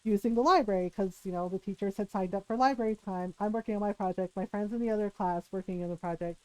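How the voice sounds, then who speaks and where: A woman's voice: mid-range voice, fast talker, no echo, poor audio. A young adult woman streamer casually telling a story in a chatty way, full of "like" and "right?".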